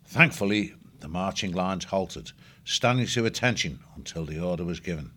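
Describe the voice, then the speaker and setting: A man narrating a storybook chapter in a steady, measured way. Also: deep voice. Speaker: audiobook narrator. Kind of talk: scripted narration.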